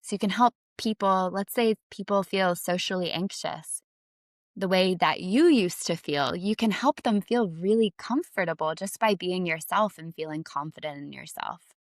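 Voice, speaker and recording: A woman confidence coach talking in a chatty, relaxed way, with lots of casual fillers, in an advice vlog. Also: fairly low pitch, normal speed, dry recording, studio quality.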